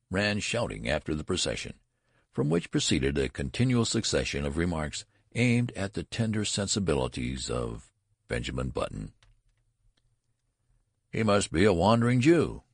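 A man narrating a story in a measured, unhurried way, with a gravelly, husky voice. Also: very deep voice, dry recording, studio quality. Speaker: audiobook narrator.

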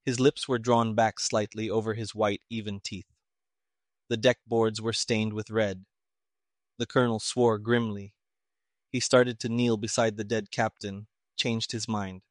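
A man narrating an audiobook in a steady, even storytelling manner. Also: on the low side, unhurried, dry recording, clean studio sound.

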